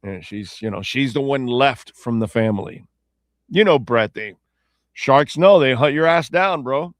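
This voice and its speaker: Unhurried and animated, this medium-pitched man comes through in clean studio sound with no echo. As host of a laid-back talk show, he meanders through listener comments in a chatty way, often stopping to correct himself.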